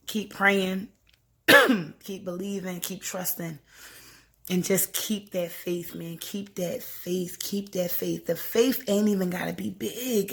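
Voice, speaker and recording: A young woman speaking casually into her camera, earnest and a little preachy as she encourages her viewers. Her voice sits on the low side with a gravelly fry, and she laughs easily between points. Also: fairly bright tone. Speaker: vlogger. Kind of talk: casual heartfelt talk to camera.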